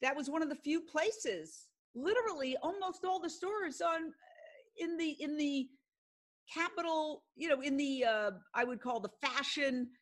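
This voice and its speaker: Higher-voiced older woman, earnest storyteller. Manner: earnest storyteller, acts out quoted speech. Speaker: guest, broadcast journalist. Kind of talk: casual podcast conversation.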